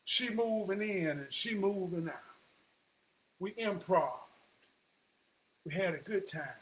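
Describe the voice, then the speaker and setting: A man giving a motivational talk in a preacher-like cadence, swinging from hushed words to shouting. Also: sits high, lively intonation, slow, slight background noise. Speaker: motivational vlogger.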